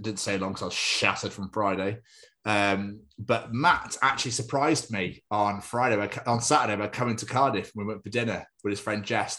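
A young man in his twenties chats casually as a podcast co-host. His voice sits low, and he rambles in a jokey way. He drifts into silly put-on voices now and then. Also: fairly bright tone. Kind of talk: casual chat.

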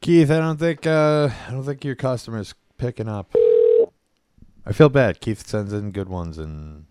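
A man's voice: a little slow, clean tone, no echo, clean studio sound. A man hosting a casual podcast, joking and crude in easy chat. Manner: crude, joking, lively pitch. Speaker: podcast host.

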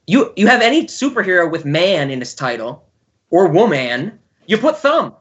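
A man's voice: high voice, very animated, moderate pace, fairly bright tone, muffled recording. A man hosting a podcast in casual chat, teasing his co-host and laughing often.

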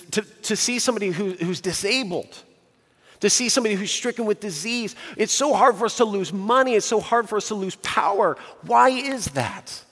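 A man preaching a sermon earnestly, building emphasis and slowing on key phrases. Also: sits high, long reverb tail. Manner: earnest preaching with rising emphasis and slow pauses. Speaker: pastor.

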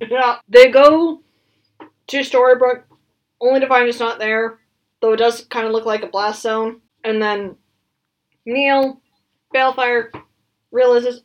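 A woman's voice: a little high, measured pace, pauses often. A woman co-hosting a podcast, chatting casually and animatedly, laughing often and trailing off mid-thought. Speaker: podcast co-host. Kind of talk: casual chat.

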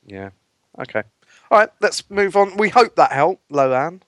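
A man's voice: high-pitched, big pitch swings, a little slow, a bit bright, dry recording. A man co-hosting a casual podcast, bantering crudely and reading listener letters aloud.

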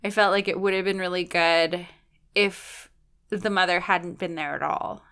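Canadian woman, podcast co-host, chatty, animated, lots of "like". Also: on the low side, moderate pace, clean tone. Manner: chatty, heavy use of "like", animated. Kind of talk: casual podcast film discussion.

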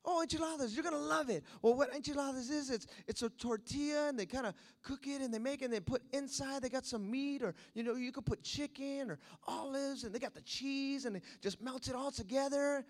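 A man, a pastor in California, telling a lively story to his church with a lot of repetition, and acting out the voices of the people in it. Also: very high voice, brisk, hardly any pauses. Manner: animated, repetitive, acts out voices. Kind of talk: storytelling sermon.

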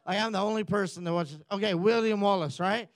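A pastor delivering a sermon, a man who tells the story with easy jokes and asides. His voice sits high for a man. The sound is dry, with little room around it. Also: fairly quick, no room sound. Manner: joking, conversational storytelling.

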